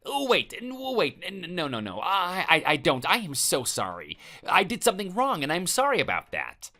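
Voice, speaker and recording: A man's voice: fairly high pitch, huge pitch swings, fairly quick, pushed and bright, soft background music, voice pushed up, full character voice. A man doing a whiny grovelling ex-husband. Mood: pleading. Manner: whiny, pleading, stammering. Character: cowardly bullying male ex-husband, grovelling. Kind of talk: text message story voice.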